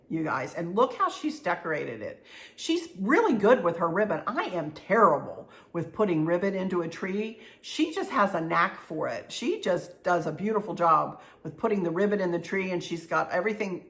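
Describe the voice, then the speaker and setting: A woman's voice: fairly low pitch, animated, normal speed, fairly bright tone. A middle-aged woman hosting her own vlog, talking heartfelt and rambling, with many fillers and restarts. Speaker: channel host. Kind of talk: heartfelt casual vlog chat.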